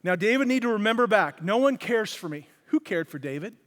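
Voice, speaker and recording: A man preaching a conversational sermon, acting out quotes with lively shifts in voice, recorded in a church. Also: high-pitched, fairly quick. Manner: conversational, animated, acts out quotes. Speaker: pastor. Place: church hall. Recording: long hall reverb.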